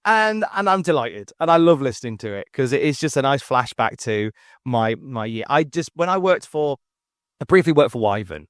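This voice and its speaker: A man's voice: moderate pace, no room sound, studio quality. A man, chatting as a podcast guest, telling rambling stories full of restarts. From England. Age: 40s. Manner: animated storyteller, jumps up in pitch for quoted voices. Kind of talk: casual chat.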